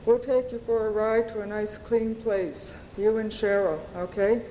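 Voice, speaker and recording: A woman voicing a kindly, calm female social worker in a soft, soothing way while reading her novel aloud. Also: medium pitch, unhurried, in a large hall, muffled recording, slight background noise, natural voice. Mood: gentle.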